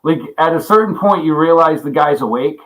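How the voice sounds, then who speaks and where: A man's voice: a little high, expressive, a little fast, poor audio. Laughing, rambling man on a livestream. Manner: rambling, laughs often, swears a lot; greets viewers by name. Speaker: livestream host. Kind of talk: casual livestream chat.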